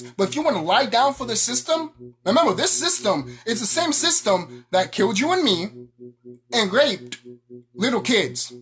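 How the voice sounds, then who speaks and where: Woman vlogger, heated profane rant, pitch swinging widely. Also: sing-song, moderate pace, a bit bright. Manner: angry, profane, confrontational. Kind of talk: ranting monologue to camera.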